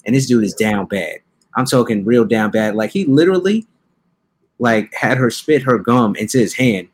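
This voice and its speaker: A young male podcast host talking through a film plot in loose, slangy street talk. His pitch sits in an ordinary middle range, and he keeps it easygoing and comic, dropping in brief character voices as he goes. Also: lively intonation, moderate pace. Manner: laid-back slangy storytelling with playful quoted voices. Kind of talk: casual comedic movie review.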